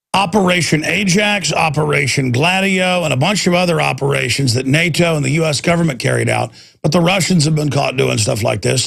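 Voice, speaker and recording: A man's voice: a little high, creaky, fairly bright tone. A man hosting a talk radio show, ranting intensely in a combative political monologue.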